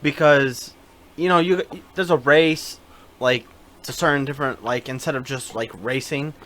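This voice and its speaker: A man's voice: mid-range voice, moderate pace, a bit bright, a little hiss or hum. A man co-hosting a podcast in casual chat, chiming in with short replies. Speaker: podcast co-host.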